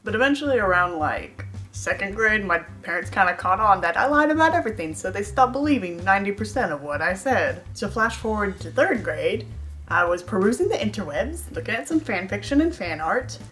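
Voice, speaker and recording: A woman's voice: mid-range voice, expressive, brisk, a bit bright, faint music behind. A young woman vlogger telling a storytime tale in a sarcastic, self-mocking way. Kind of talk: storytime monologue.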